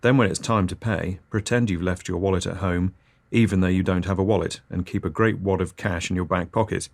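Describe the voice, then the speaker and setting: Deadpan comedy podcaster. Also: male voice, sits low, brisk, creaky. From Britain. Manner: dry, matter-of-fact delivery of nonsense. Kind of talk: absurdist scripted comedy monologue.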